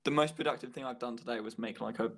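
A man's voice: mid-range voice, fast talker, gravelly, a bit bright. A young man chatting playfully on a casual podcast about school days. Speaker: guest.

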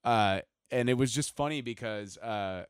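A man's voice: mid-range voice, moderate pace, smooth, dry recording, clean studio sound. A man telling stories in casual chat, swearing freely and acting out what people said. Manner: swears freely, acts out quoted voices.

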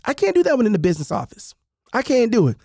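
Animated man, dry close sound. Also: very high voice, fast talker, dry recording. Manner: animated storytelling with repeated asides; acts out the voices of adults and kids. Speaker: author reading his own book. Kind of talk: conversational book narration.

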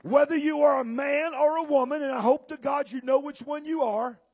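A male preacher, giving a sermon with bursts of shouting and drawn-out emphasis to a church audience. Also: very high-pitched, fairly even intonation, gravelly, no echo, highs cut off. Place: church or conference hall with audience.

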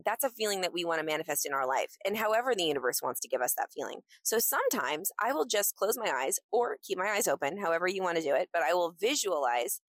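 A woman's voice: on the low side, dry recording. A young adult woman hosting a motivational podcast, talking in a breezy, enthusiastic and encouraging way into a close microphone. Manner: enthusiastic, breezy and encouraging, acts out excited quotes. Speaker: podcast host.

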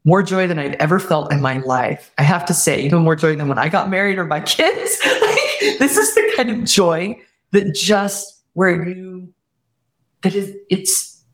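A woman guest telling a personal story earnestly, often quoting what others said, and reflecting warmly on faith. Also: on the low side, lively intonation, unhurried. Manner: earnest, heartfelt retelling with quoted dialogue; warm spiritual reflection. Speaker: podcast guest.

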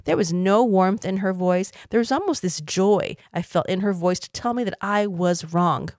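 A woman's voice: mid-range voice, moderate pace, a little mellow, no echo, studio quality. A woman in her fifties, from Taiwan, hosting a podcast and telling an earnest, reflective personal story with light laughs. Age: 50s. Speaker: podcast host.

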